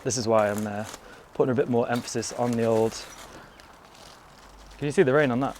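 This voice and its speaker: Guy, young, rambling fitness vlog chat, middle-pitched voice, faint hiss behind. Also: a little fast, a little mellow. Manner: chatty and rambling, many "you know" asides. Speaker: fitness vlogger. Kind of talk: casual vlog talk to camera. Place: outdoors in a garden.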